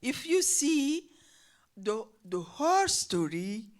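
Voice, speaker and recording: Older woman, guest speaker; slow, lively-pitched, halting delivery with restarts. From Burundi. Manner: halting, restarts words, nonstandard phrasing. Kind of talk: personal testimony.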